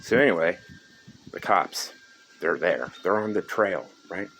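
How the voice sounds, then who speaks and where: Deep-voiced man ranting profanely. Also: lively intonation, measured pace, heavy background noise. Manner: profane, exasperated, sarcastic. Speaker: horror movie reviewer. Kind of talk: casual ranting review.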